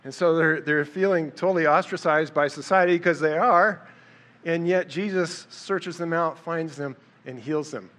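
Telling Bible stories in a casual sermon, this male preacher performs the characters' lines in a raised voice while keeping things conversational. He speaks at a moderate pace, fairly high-pitched and fairly bright.

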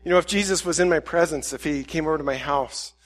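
A man with a fairly high voice gives a reflective sermon in a candid, self-questioning way. He works through his doubts out loud and acts out the questions he asks himself. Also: quick pace. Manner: candid, self-questioning, with quoted inner dialogue.

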